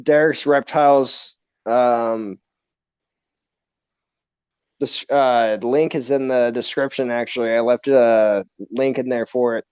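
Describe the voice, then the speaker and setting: A man hosting a live reptile stream in relaxed, casual chat who says dude a lot. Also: mid-range voice, slow, clear, resonant tone, no echo. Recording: dull, dry lo-fi stream audio.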